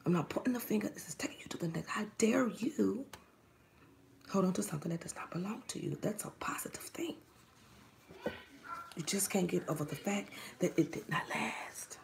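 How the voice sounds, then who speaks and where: A woman's voice: fairly low pitch, fairly quick, vocal fry. A woman giving a spiritual reading straight to the listener, preachy and often dropping into a whisper. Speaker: psychic reader.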